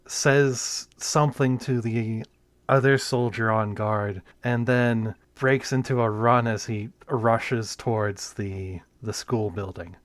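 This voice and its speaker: Guy running a tabletop game, slow and hesitant, dry close sound. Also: medium pitch, steady tone, no room sound. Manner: slow, hesitant narration with many restarts. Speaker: game master.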